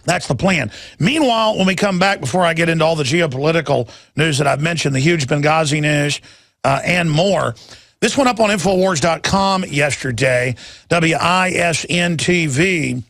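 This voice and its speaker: A man's voice: a little high, normal speed, a bit bright, no echo. A man hosting a talk radio show, delivering a heated, emphatic rant full of stammered restarts. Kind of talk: ranting talk radio monologue.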